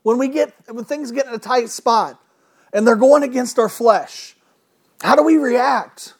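A man's voice: very high voice, measured pace. A man preaching a conversational sermon, emphatic and full of rhetorical questions.

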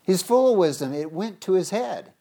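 A preacher giving a sermon, reading scripture aloud emphatically with big swings in pitch and loudness, often restarting words. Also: expressive, normal speed. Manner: stumbles and restarts words mid-phrase.

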